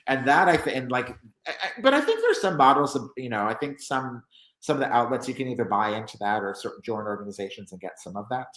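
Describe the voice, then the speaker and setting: A man's voice: medium pitch, animated, fast talker, fairly bright tone, roomy sound, a little hiss or hum, rough recording. A man speaking as a journalist guest in a casual interview, rambling with many restarts and fillers.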